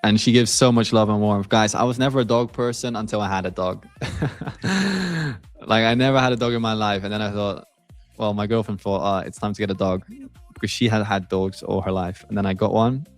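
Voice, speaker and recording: A man's voice: on the low side, fairly quick, dry recording, soft background music. A man whose first language is Portuguese, chatting casually and laughing as he hosts a livestream. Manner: relaxed, chatty, laughs often, many fillers. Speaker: stream host.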